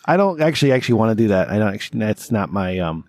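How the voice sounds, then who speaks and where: A man's voice: on the low side, sing-song, racing, darkish tone, no echo, studio quality. A man hosting a casual comedic podcast who jokes and laughs often. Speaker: podcast host.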